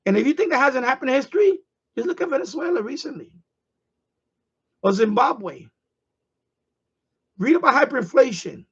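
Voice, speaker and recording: Gravelly New man ranting. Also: extremely high pitch, sing-song, normal speed, long pauses, fairly bright tone, dull audio. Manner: profane, heated, repetitive. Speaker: live-stream host. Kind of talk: ranting live stream monologue.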